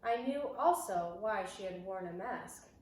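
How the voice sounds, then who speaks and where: A woman reading a children's novel aloud in an expressive, dramatic way. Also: mid-range voice, unhurried, distant mic. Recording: echoey room, voice off-mic, faint hiss.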